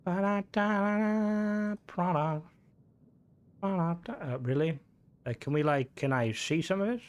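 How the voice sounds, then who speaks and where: A man's voice: on the high side, expressive, a little fast. A young Irish man chatting casually on a game stream, rambling, swearing freely and answering chat.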